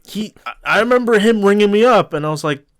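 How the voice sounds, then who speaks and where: A man's voice: high-pitched, expressive, fast talker. A young man, a podcast co-host, telling a rambling story in casual chat, full of restarts and "like"s.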